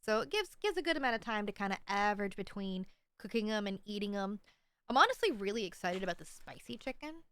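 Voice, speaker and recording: Woman streamer, casual and playful, bright slightly high voice, dry close mic. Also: very animated, fast, clear, resonant tone, dry recording. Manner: rambling, playful, self-mocking. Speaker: livestreamer.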